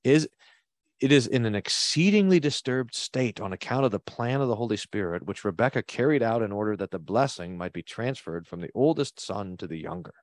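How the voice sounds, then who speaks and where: A man's voice: fairly low pitch, brisk, no echo. A man, a pastor, reads an old text aloud and stops to comment on it, leaning hard on key words. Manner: expressive reader who leans hard on key words.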